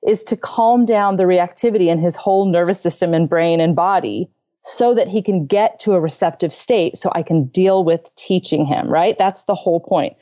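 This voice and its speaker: A woman's voice: lowish voice, normal speed, warm tone, dull audio. A middle-aged woman on a parenting podcast, telling a story from home in an earnest, conversational way, laughing often and acting out quotes. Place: home bedroom.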